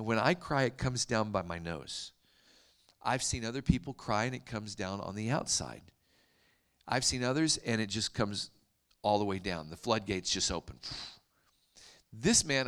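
A man preaching a storytelling sermon, animated and dropping to hushed whispers for emphasis. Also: lowish voice, normal speed.

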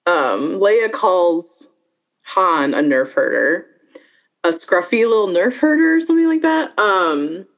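A woman with a fairly low-pitched voice co-hosts a relaxed podcast conversation. She is wry, laughs easily, and retells scenes with enthusiasm. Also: takes it slowly. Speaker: podcast co-host. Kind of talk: casual chat.

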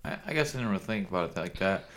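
A man's voice: low voice, animated, very fast, fairly bright tone. A man in his forties hosting a casual podcast. He jokes, teases and pokes fun at himself. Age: 40s. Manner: joking, teasing, self-mocking. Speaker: podcast host.

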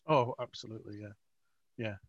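A man's voice: fairly low pitch, brisk, gravelly, husky, no echo. A man, an author, telling rambling, self-mocking stories with frequent laughs in a casual interview. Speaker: author, guest. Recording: dry, dull lo-fi audio.

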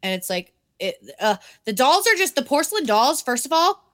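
High-voiced and speaking at normal speed, this podcast co-host chats casually about an anime, animatedly retelling scenes, acting out lines, and swearing a lot.

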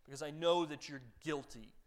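A man's voice: fairly high pitch, steady tone, normal speed, close to an everyday voice. A man voicing a stern, cold male judge who demands only the facts, speaking in clipped pronouncements.

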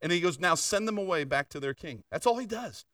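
A man's voice: high-pitched, lively intonation, brisk, fairly bright tone, no room sound, studio quality, recorded from a distance. An older man preaching a sermon in a conversational storytelling way, full of asides and questions to the congregation. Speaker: pastor.

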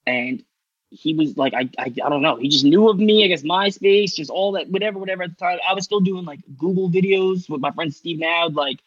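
A man from New York spins a long story in loose, rambling podcast chat, swearing freely and restarting his sentences. His voice sits a little high. The recording is dull and lo-fi, with a dry, close sound. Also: brisk, dry recording. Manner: rambling, profane, lots of fillers and restarts. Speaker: guest rider telling his story.

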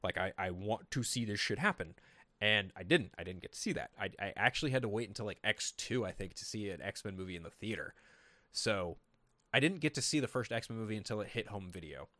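Animated, swearing podcast host. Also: male voice, on the low side, fast talker, no echo. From Sacramento, California. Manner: animated, profane storytelling with lots of voiced quotes. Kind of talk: casual chat.

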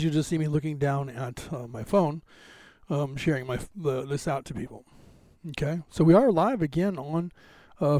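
A man's voice: fairly high pitch, dark tone, no room sound. Chatty, rambling man hosting a live stream. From United States. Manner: rambling, chatty, many fillers and restarts. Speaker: podcast host. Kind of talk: casual live-stream chat. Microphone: camera on a box, live stream.

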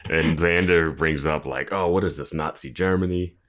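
A man's voice: extremely low pitch, moderate pace, fairly bright tone. A man in casual chat, co-hosting a recap with laid-back, laughing asides. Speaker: podcast co-host.

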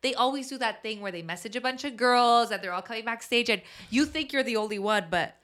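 A woman co-hosting a podcast in casual chat, teasing and making quick quips. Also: a little high, fairly bright tone. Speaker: podcast co-host.

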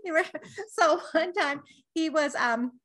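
A woman's voice: high-pitched, takes it slowly, fairly bright tone. A middle-aged woman co-hosting a podcast, telling family stories in a casual chat, laughing often and mimicking her father's voice. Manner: laughs often, quotes her dad in a gruff voice. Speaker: podcast co-host.

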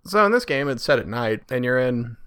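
A man's voice: mid-range voice, sing-song, a little fast, fairly bright tone, clean tone. Laughing, joking male podcast co-host. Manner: joking, laughs a lot, irreverent. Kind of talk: casual comedic chat.

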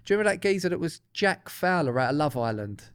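Smooth-voiced man chatting on a podcast. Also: on the high side, big pitch swings, fast, fairly bright tone. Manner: chatty, hedging, swearing. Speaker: podcast co-host. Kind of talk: casual banter.

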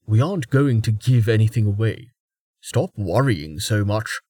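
A man's voice: lowish voice, lively intonation, unhurried, dark tone, dry recording, studio quality. A man voicing a curious, unbothered young male mage. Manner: easygoing, unbothered.

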